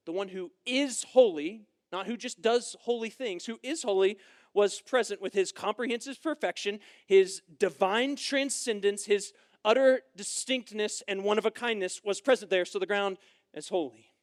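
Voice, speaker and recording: A young man preaching a sermon at a church camp, emphatic and repetitive, swinging between loud declarations and quieter explanation. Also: high voice, moderate pace. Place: church camp meeting room.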